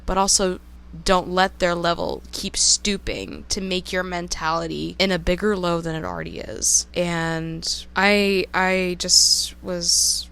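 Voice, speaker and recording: A woman's voice: on the low side, takes it slowly, vocal fry, a bit bright, clean tone. A young woman telling a personal story in a casual vlog monologue, candid, emotional and openly profane. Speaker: storytime vlogger.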